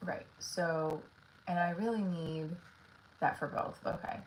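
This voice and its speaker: A woman's voice: on the low side, steady tone, unhurried, slight background noise, low-quality recording. A woman comedian chatting casually on a livestream, rambling with lots of fillers and talking to her viewers.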